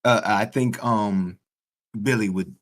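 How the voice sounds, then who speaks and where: A tabletop game player role-playing a character, talking hesitantly with pauses and fillers. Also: medium pitch. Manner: hesitant, halting delivery. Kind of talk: in-character role-play with narration.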